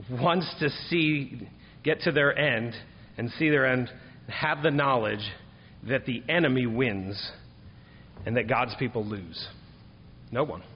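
A man preaching in a large hall, his voice carrying a long reverb. The sound is dull and slightly muffled, with a faint low rumble underneath. He moves between measured teaching and emphatic, lifted declarations. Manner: rises to emphatic, higher-pitched preaching on key points. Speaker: pastor. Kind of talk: sermon.

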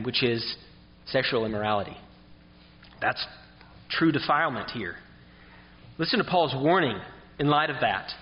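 A man's voice: a little high, long reverb tail, highs cut off. A man preaching an expository sermon who reads scripture aloud and asks his listeners questions.

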